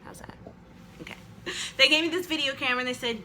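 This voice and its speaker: A woman's voice: high voice, brisk, pauses often, sharp tone, slight background noise, poor audio. A woman vlogger telling a long personal story to her camera in a casual, rambling way, full of "like" fillers and self-deprecating jokes. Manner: chatty and rambling, with frequent "like" fillers. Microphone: camera she films herself with.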